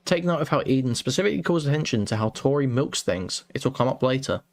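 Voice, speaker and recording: A man narrating an older commentary video, speaking in a measured way and often pausing with hesitant fillers. His voice sits in the middle range for a man. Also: mid-range voice, expressive.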